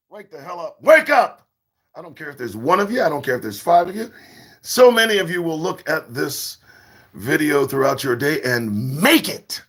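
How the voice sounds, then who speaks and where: A man hosting his own morning show, talking in a profane, preachy monologue that swings between shouts and whispers. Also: sits high, very animated, normal speed. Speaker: show host.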